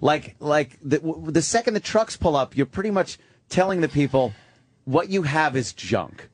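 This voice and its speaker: A man's voice: fairly high pitch, expressive, normal speed, a little hiss or hum. A man co-hosting a casual podcast chat, blunt and crude, joking with his guest. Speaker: co-host.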